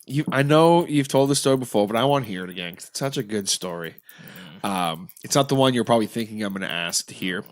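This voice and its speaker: A man's voice: lowish voice, expressive, fast talker. A man, reacting and asking questions as a podcast co-host. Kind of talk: casual podcast banter.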